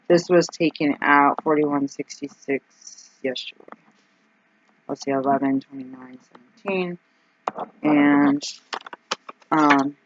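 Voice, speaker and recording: A woman vlogging casually as she works through her budget out loud, anxious and rambling, with frequent ums and exclamations. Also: low-pitched, dull audio, a little hiss or hum. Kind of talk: casual vlog, thinking aloud over budget.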